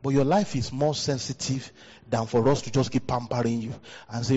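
A pastor with a West African accent preaching a sermon into a handheld mic, leaping up in pitch for emphasis. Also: male voice, normal speed. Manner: animated preaching, jumps high in pitch for emphasis. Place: church hall. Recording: dull hall recording with long reverb.

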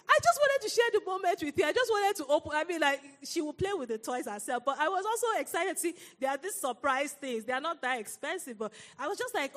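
A woman preaching a sermon, telling a personal story in an animated way and laughing often. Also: high voice, brisk, big-room sound.

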